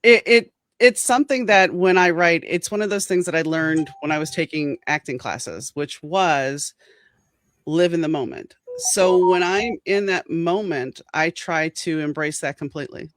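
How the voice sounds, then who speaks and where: A woman's voice: low voice, moderate pace, dry recording. Earnest woman author, dry close sound. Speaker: author guest. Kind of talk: casual interview chat.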